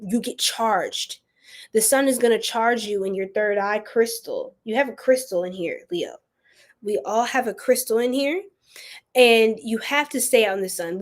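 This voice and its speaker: A woman giving a chatty live-streamed tarot reading, greeting chat viewers affectionately and using casual slang. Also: mid-range voice. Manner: uses slang like y'all and boo. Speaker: tarot reader.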